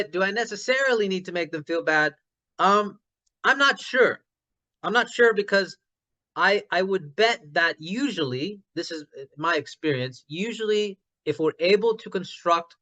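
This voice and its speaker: A man talking through an idea in a casual online discussion, his voice bright and forceful and pitched a little high. He restarts often as he thinks aloud and grows loud when an idea excites him. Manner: gets loud when passionate about ideas. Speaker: discussion participant.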